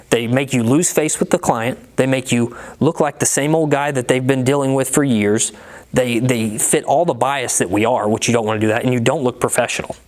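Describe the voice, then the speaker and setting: A man coaching car salespeople in a blunt, profane, casual way, acting out both sides of sales talk. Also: medium pitch.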